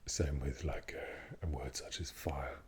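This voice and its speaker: A man giving a whispered ASMR talk, speaking in a soft unvoiced whisper, an unhurried explainer who often doubts himself. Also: very deep voice, steady tone, husky. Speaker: ASMR creator.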